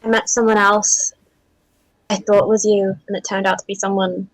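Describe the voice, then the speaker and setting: A woman's voice: mid-range voice, flat delivery, moderate pace, no room sound, rough recording. Wry woman tabletop player. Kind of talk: playing a tabletop game.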